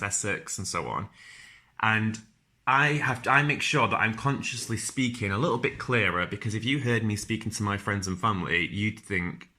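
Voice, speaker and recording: A man's voice: on the low side, sharp tone. A young man with a strong Northern English accent giving casual careers advice as a podcast host, chatty and informal with frequent ums and restarts.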